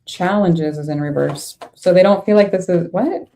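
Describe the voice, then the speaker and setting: A woman's voice: on the low side, normal speed, warm tone. Blunt, exasperated woman reading tarot. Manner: blunt, exasperated, swears freely. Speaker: tarot reader. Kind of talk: casual tarot reading to camera.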